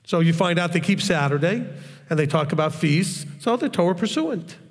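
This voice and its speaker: A man's voice: a little high, lively intonation, normal speed, long reverb tail. A man teaching the Bible in a blunt, hard, straightforward way, often checking in with his listeners. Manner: conversational, asks the audience questions. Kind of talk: informal recorded teaching.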